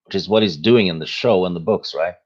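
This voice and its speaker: A man appearing as a podcast guest, explaining his theory at a measured pace with many hesitations. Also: low voice, husky, lo-fi sound. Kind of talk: casual podcast discussion.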